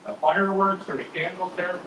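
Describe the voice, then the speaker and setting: A man's voice: high-pitched, a little fast, noisy background. A man vlogging live from an auction floor, chatting to viewers and pointing out what is going on around him, recorded on a handheld camera. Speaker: vlogger filming on location. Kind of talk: live walkaround commentary.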